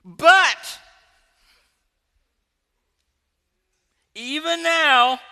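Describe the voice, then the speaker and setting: A man voicing an indignant, sarcastic grieving woman who scolds in a shrill, drawn-out, exasperated way. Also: gravelly, pushed and bright, in a large hall, full character voice.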